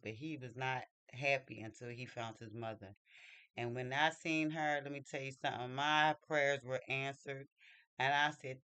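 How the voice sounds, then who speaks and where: A man telling a personal story in a casual, animated and chatty way, acting out what people said. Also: mid-range voice, normal speed, clear, resonant tone, dry recording. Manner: animated, chatty, acts out quotes. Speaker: vlogger.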